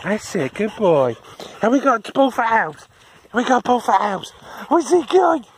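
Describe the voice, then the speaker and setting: A woman's voice: fairly high pitch, big pitch swings, moderate pace, husky. A woman walking dogs outdoors, cooing and chuckling at them in a sing-song baby talk for her video diary. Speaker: dog walker. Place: outdoors on a dog walk.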